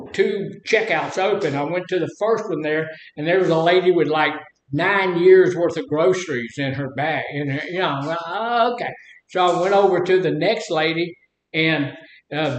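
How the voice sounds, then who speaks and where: A man's voice: a little high, slight background noise. Folksy older man, echoey room. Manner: folksy, rambling storyteller who acts out quotes. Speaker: speaker leading a talk on anger. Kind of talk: casual teaching talk with stories.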